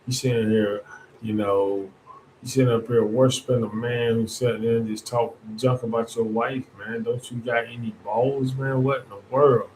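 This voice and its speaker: A man talks in a relaxed, rambling monologue as host of his own show. His voice sits at an ordinary middle pitch, and his colloquial phrasing loops back on itself. A faint noise floor runs under the recording. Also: normal speed, poor audio. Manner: conversational, rambling with restarts, colloquial Southern-tinged speech. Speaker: podcast host. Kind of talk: casual political monologue.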